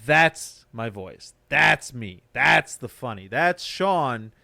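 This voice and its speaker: A man's voice: medium pitch, lively intonation, takes it slowly, vocal fry, pushed and bright, dry recording, clean studio sound. A man who does stand-up, hosting a podcast and ranting in a casual, profane, motivational way. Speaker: podcast host; stand-up comic. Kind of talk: casual chat.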